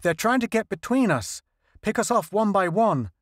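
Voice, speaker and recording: Male narrator doing a high, jumpy young major; nervous, pleading. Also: big pitch swings, normal speed, no room sound, clean studio sound. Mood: alarmed. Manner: anxious, pleading.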